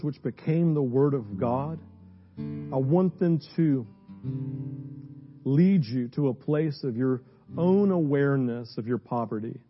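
A man preaching a sermon to a congregation, with emphatic scripture reading that turns into slow, hushed prayer. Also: medium pitch, highs cut off. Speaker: pastor. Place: church before a congregation.

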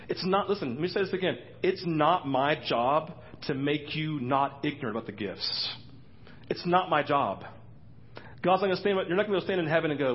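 A man preaching a sermon as pastor in a church, excitable, his voice leaping high when he acts out quotes. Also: normal speed, dull audio. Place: church sanctuary.

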